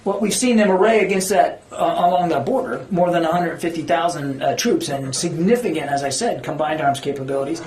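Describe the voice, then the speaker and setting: At a press briefing in an echoey briefing room, a government spokesman with a somewhat high, slightly mellow voice answers reporters' questions briskly with few pauses. He is earnest and emphatic, though he sometimes searches for words.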